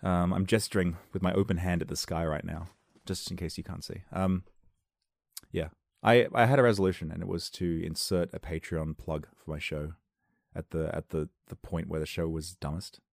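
A man's voice: deep voice, steady tone, normal speed, creaky, no echo, clean studio sound. A man in his thirties hosting a podcast, rambling through a jokey monologue and laughing at his own jokes. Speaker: podcast host.

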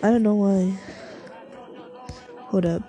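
Slow and mellow, her medium-pitched voice holds a steady tone as she browses online and talks. The woman, a vlogger, wanders from topic to topic, swearing, giggling and interrupting herself, over faint background music.

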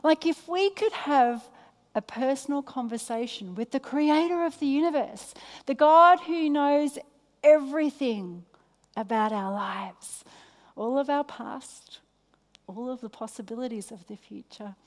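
Australian woman preaching in a hall. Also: a little slow. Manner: engaging, asks the audience questions; drops soft and low in prayer. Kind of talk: sermon with congregation banter. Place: church service. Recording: long reverb in a large hall.

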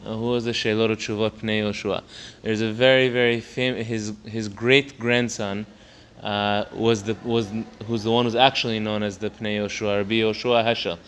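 A man gives a text study lesson as a Torah teacher, working through a religious text line by line and often restarting phrases. His tone is level and fairly bright at a moderate pace, rising in pitch and volume on key points, with slight background noise present.

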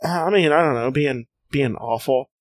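A man's voice: medium pitch, moderate pace, no room sound. A man co-hosting a casual comics podcast. He reads passages aloud, laughs a lot and often restarts his sentences. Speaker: podcast co-host.

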